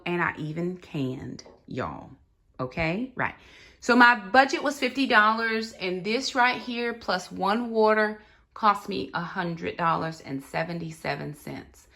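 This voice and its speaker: A woman's voice: fairly low pitch, sharp tone. Chatty mom talking to her camera. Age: adult, mother of four. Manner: chatty, talks straight to viewers, says y'all. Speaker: family vlogger. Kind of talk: casual grocery haul vlog. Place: home kitchen.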